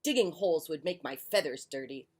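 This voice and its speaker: A woman's voice: low-pitched, expressive, brisk, a little mellow, slightly rough. A woman voicing a sulky, complaining female duck while reading a picture book aloud on a porch. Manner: sulky, grumbling. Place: on a porch outdoors.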